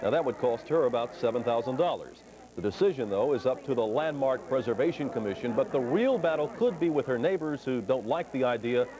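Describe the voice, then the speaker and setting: Male anchor reading the news, steady, music behind. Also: mid-range voice, a little fast.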